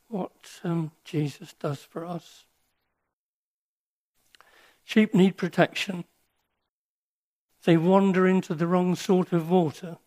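An older man giving a sermon with personal stories, speaking in an earnest, reflective way with pauses and restarts. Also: a little high, darkish tone.

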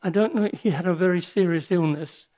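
An older man giving a sermon with personal stories, speaking in an earnest, reflective way with pauses and restarts. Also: high voice, mellow.

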